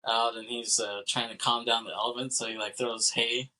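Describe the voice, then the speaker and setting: A man's voice: medium pitch, little pitch movement, normal speed, sharp tone, poor audio. A man co-hosting a film podcast, casually retelling scenes with lots of fillers, laughter and quoted lines. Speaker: podcast co-host.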